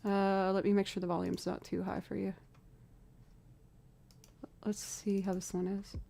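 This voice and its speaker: A musician from outside Boston, USA, chats casually with viewers on a livestream while she works out chords and beats, thinking aloud as she goes. Her medium-pitched voice is warm and creaky, with a measured pace and a completely flat delivery.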